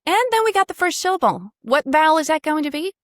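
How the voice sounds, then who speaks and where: A woman's voice: sits high, lively intonation, fast, no echo, clean studio sound. A woman coaching pronunciation one-on-one. She models sounds, sings them out and praises often.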